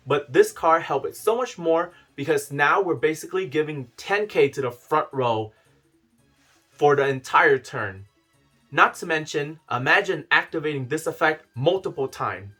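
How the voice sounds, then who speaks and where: A man chatting excitedly through a casual card review on his channel. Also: a little high. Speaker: card game youtuber.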